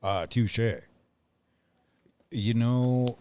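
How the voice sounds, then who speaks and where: Slow, rambling male podcast host. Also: medium pitch, steady tone, a little mellow, smooth. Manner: rambling, filler-heavy, laughs often. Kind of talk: casual podcast chat.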